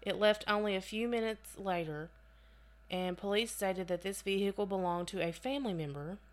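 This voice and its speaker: A woman's voice: medium pitch, moderate pace. A woman co-hosting a casual podcast, reading case notes aloud and breaking off into chatty asides. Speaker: podcast co-host.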